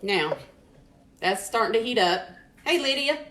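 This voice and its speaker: A woman's voice: a little high, expressive, measured pace, a bit bright. A woman hosting a casual live cooking stream from her home kitchen, chatting along and greeting viewers by name. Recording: echoey kitchen with faint noise.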